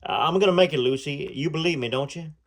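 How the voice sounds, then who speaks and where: A man's voice: fairly high pitch, fairly quick, fairly bright tone. A man voicing an earnest, hopeful young man in love, speaking in a heartfelt, pleading way.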